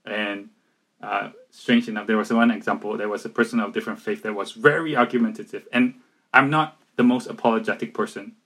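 A man talking earnestly and a little haltingly in a casual faith conversation, with frequent restarts and fillers. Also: on the low side, fairly even intonation, fairly bright tone, poor audio.

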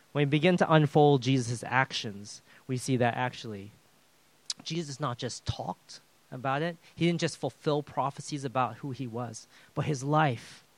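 A man preaching a casual, conversational sermon as a pastor, with joking asides, swinging between loud emphasis and hushed drops. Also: mid-range voice, creaky, dry recording.

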